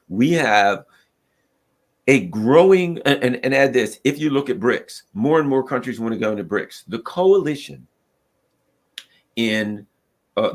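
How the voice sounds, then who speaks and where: A man from the United States talking through world politics in an emphatic, argumentative monologue. His voice sits at an ordinary middle pitch, and he often slips into quick imitations of what whole countries might say. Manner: emphatic, argumentative, acts out quoted voices of nations. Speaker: political commentator. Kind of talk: opinionated commentary monologue.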